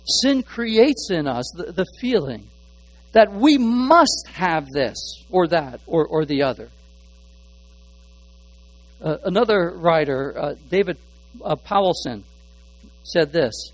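A man preaching a sermon as pastor, often repeating words while he searches for a phrase, swinging between hushed asides and loud, stressed points. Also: fairly high pitch, big pitch swings, slow, pauses often, poor audio.

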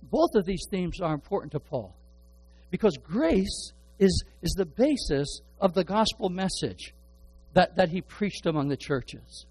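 A middle-aged pastor preaching a sermon in an earnest way, often stumbling and repeating words as he builds a point. His voice sits a little higher than most men's. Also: sing-song, a little slow, darkish tone, husky, rough recording.

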